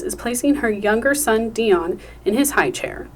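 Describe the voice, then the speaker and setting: A woman hosting a podcast, chatting and reading stage directions in a friendly, clear way. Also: mid-range voice, expressive, moderate pace, few pauses. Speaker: podcast host.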